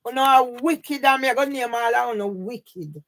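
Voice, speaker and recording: A woman's voice: fairly high pitch, normal speed. Emphatic Jamaican woman ranting live. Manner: emphatic, often shouting and swearing, with frequent "yeah?" tags. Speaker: YouTube livestreamer. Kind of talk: live-stream rant.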